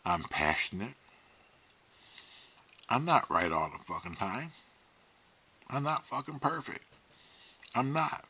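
Hosting his own livestream, this man speaks candidly and emotionally, curses freely, and occasionally drops almost to a whisper. His mid-range voice swings widely in pitch, moving slowly with long pauses and a sharp tone. Slight background noise is audible.

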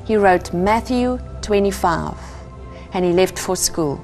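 A middle-aged South African woman speaks slowly in a mid-range, darkish voice, with faint music in the background. As an interview guest, she earnestly shares her personal faith story in a conversational testimony.

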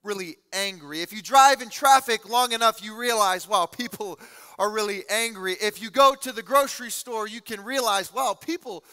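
A high-voiced male pastor preaching in a large church hall, with a bright, forceful edge and long echo trailing his words. He tells stories in an animated way, acting out the lines of the people in them. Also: moderate pace, smooth. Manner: animated, acts out quotes, laughs often. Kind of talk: sermon storytelling. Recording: echoey hall.

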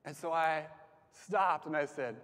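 Long hall reverb surrounds a young campus ministry speaker with a fairly high voice and a measured pace. His casual sermon weaves in personal stories, and he speaks conversationally with frequent "like" fillers and phrases that fade softly.

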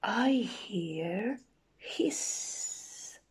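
A woman voicing a big, hungry, gullible male forest monster in a storybook reading, in a low, hushed voice. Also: sing-song, takes it slowly, slight background noise.

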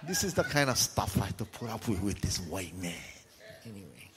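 A man preaching a sermon, telling lively stories and calling for amens. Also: deep voice, a little fast. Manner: lively storytelling with call-and-response. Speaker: pastor. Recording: reverberant hall sound.

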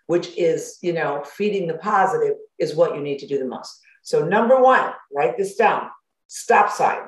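A woman gives a motivational self-help talk as a life coach, animated and conversational, laughing often and slipping into worried inner thoughts. Her voice comes through a computer microphone. The room around her gives the sound a noticeable echo. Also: sits low. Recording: roomy echo.

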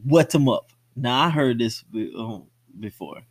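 A laid-back young man from South Florida chats about a film as co-host of a movie podcast. His voice sits at an everyday pitch. It is recorded dry, with no room sound. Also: animated, a little slow, dry recording. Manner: laid-back, explains street slang, says "you know what I'm saying" often. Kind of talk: casual movie discussion.

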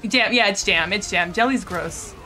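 A woman's voice: medium pitch, normal speed, pushed and bright. A young woman streaming a game, chatting casually and giggling with her viewers, swearing now and then. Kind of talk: casual live-stream chat while gaming.

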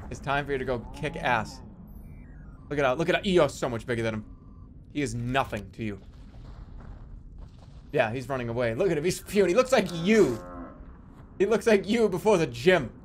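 A man casually commentating his own game live, excitable and joking, swearing freely. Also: mid-range voice, moderate pace, pauses often, slight background noise. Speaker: streamer playing a strategy game.

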